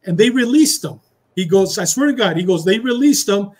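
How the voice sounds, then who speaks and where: A man's voice: sits high, a little fast. A middle-aged man, a retired police officer, telling a story in a casual interview and acting out the dialogue with Spanish phrases. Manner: animated storyteller who acts out dialogue, slipping into Spanish phrases.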